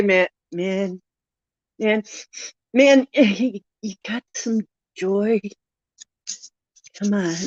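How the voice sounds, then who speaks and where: On a dull, lo-fi live stream recording with no echo, a woman of medium pitch reads oracle cards out slowly. She keeps the chat casual, playful and self-mocking, laughing at herself.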